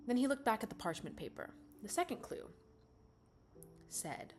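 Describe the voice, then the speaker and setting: A woman narrating a bedtime story softly and casually, with chatty asides. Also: fairly low pitch, expressive, moderate pace, faint music behind.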